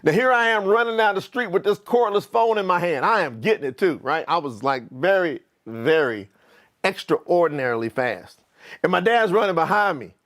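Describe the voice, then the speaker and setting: Middle-aged man, high voice, animated motivational storyteller speaking to his viewers. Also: moderate pace. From Kentucky, US. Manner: animated, talks straight to viewers. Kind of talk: personal storytelling to online viewers.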